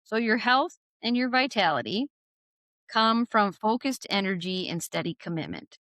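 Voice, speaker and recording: A woman's voice: medium pitch, normal speed, no echo. A woman hosting a podcast interview in a conversational way, often acting out quotes in a raised voice. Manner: animated, acts out quotes in a raised voice. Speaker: podcast host.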